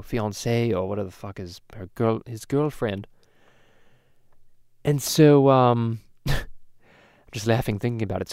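Voicing a crude cartoon baby boy, a man hosts a casual parody podcast, rambling through stories, swearing a lot and restarting often. His medium-pitched, darkish voice is lightly acted and sounds clean in the studio, with no echo.

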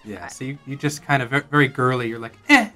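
A man's voice: mid-range voice, steady tone, quick pace, sharp tone, faint music behind. A man narrating as game master for a tabletop game, in a casual, hesitant way.

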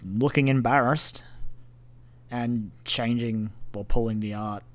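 A man's voice: mid-range voice, fairly even intonation, slow. A man co-hosting a casual gaming podcast, speaking in an offhand way and explaining things plainly. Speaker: podcast co-host.

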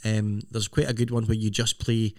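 A man's voice: fairly low pitch, flat delivery, normal speed, no echo, studio quality. A middle-aged man, co-hosting a podcast in casual, rambling chat. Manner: rambling, self-interrupting. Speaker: podcast co-host.

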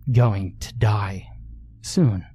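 A man voicing an alien creature that speaks in slow, broken, clipped phrases. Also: lowish voice, mellow, husky, full character voice. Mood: grave. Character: terse, flat-spoken alien creature, sexless.

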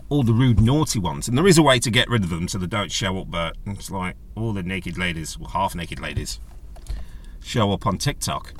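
A man hosting a casual solo podcast, chatty and jokey, rambling from one aside to the next. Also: normal speed. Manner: rambling, chatty and jokey, with animated pitch jumps. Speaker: podcast host.

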